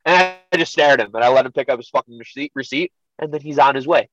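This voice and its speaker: A young man guesting on a podcast, telling a profane story in an animated, laid-back way. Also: mid-range voice, racing, highs cut off, faint music behind. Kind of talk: casual storytelling.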